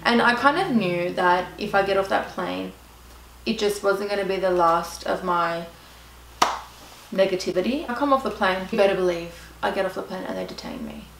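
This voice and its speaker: A woman's voice: mid-range voice, moderate pace, gravelly, fairly bright tone, echoey room, far from the mic, a little hiss or hum, rough recording. A young Australian woman telling a storytime vlog, chatty and dramatic, with lots of "like". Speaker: vlogger.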